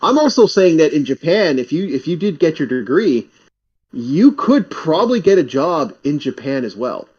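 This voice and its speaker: A man's voice: fairly high pitch, big pitch swings, normal speed, darkish tone, breathy edge. A talkative man from Canada, chatting animatedly and often repeating his words. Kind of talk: casual chat. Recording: slightly muffled audio.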